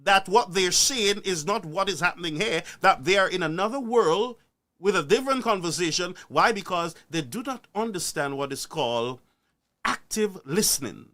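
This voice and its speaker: A man's voice: sits high, expressive, normal speed, bright, forceful tone. A man, ranting on a live stream, preachy and full of rhetorical questions.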